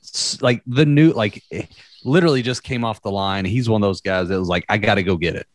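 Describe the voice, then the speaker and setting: Young man, casual storytelling, lots of fillers, swearing, lowish voice, dry close sound. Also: fairly quick, no echo. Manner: rambling, profane, with many fillers. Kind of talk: casual chat.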